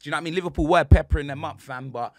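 A young man hosting a casual sports banter podcast, full of slang and quick jokes. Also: a little high, no echo, studio quality. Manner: slangy, laughing, animated jokes. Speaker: podcast host.

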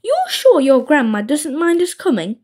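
A woman's voice: sits high, wildly swooping pitch, normal speed, a little mellow. A woman voicing a small, curious young owl in a storybook reading.

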